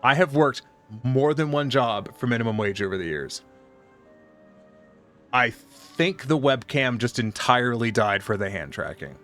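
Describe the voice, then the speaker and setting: A man's voice: mid-range voice, expressive, measured pace, a bit bright, faint music behind. A man streaming live, telling a profane, exasperated story in casual chat.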